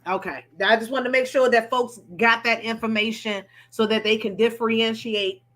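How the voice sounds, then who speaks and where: A woman's voice: a little high, steady tone, normal speed, fairly bright tone. A woman hosting a live panel talk, affirming her guests and explaining for viewers. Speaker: host.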